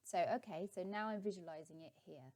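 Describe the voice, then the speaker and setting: A woman's voice: fairly low pitch, brisk, a little mellow. A middle-aged woman, a life coach, giving a guided visualisation tip in a chatty, encouraging way with many ums.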